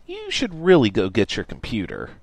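A man voicing an exasperated, scheming young shop owner who talks in a raised, pushy, excitable way. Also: medium pitch, normal speed, creaky, no room sound, heavily acted.

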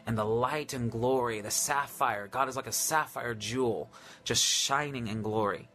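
A man preaching a live-streamed sermon, reading scripture aloud in a fervent, drawn-out way and often repeating his phrases. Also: mid-range voice, sharp tone.

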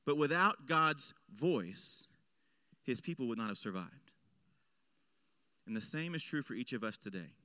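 A man preaching a sermon as pastor, swinging between loud emphatic lines and hushed low ones. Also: lively intonation, a little slow, long pauses, clear, resonant tone, dry recording. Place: church.

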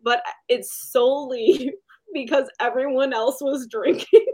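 A young woman co-hosting a book podcast, chatty and laughing, with quick reactions. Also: high voice, fairly even intonation, darkish tone. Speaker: podcast co-host. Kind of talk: casual chat.

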